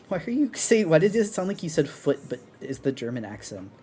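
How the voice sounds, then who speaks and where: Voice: mid-range voice, big pitch swings, normal speed, dark tone, slightly rough. A streamer chatting casually while drawing, rambling with lots of fillers and restarts. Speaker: art streamer. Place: apartment on an upper floor.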